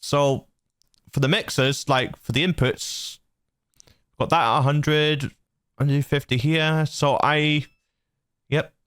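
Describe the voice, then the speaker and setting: A man's voice: fairly high pitch, fairly even intonation, slow pace, long pauses, a bit bright, smooth, dry recording. A man hosting his channel, explaining his recording setup in a loose, rambling way on a dynamic studio mic. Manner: loose and rambling, lots of fillers and restarts. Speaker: channel host. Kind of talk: casual tutorial walkthrough. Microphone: dynamic studio mic through a mixer.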